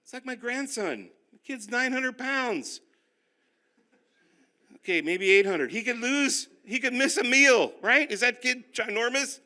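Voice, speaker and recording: An older male pastor teaching a finance class, telling animated, self-deprecating stories. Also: extremely high pitch, measured pace. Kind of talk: sermon-style finance class.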